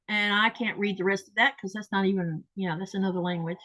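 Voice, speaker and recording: A woman's voice: fairly high pitch, brisk, fairly bright tone, rough recording. A woman from the States, hosting a casual livestream and chatting as she reads viewer comments aloud. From Southern United States. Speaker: host.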